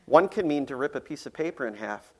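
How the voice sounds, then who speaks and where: Chatty pastor, loose sermon delivery. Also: male voice, mid-range voice, animated, fast, fairly bright tone. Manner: conversational, playful, frequent ums and restarts.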